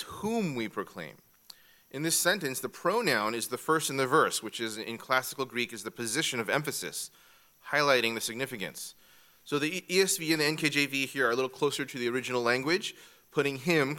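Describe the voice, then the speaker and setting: Bright-voiced man teaching a church class. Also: medium pitch. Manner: methodical, repeats key points. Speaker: Bible teacher.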